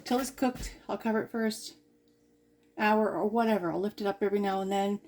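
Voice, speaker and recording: A woman's voice: medium pitch, brisk, darkish tone. A woman chatting casually through a cooking demonstration in her home kitchen. She is goofy and rambling, and talks to herself as she works. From Canada. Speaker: cooking vlogger.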